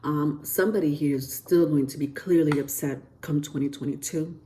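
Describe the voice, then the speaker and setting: A woman's voice: deep voice, steady tone, normal speed, warm tone, slight background noise. A woman giving a casual tarot reading to camera, chatty and rambling with lots of fillers and restarts, often breaking into giggles. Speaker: tarot reader.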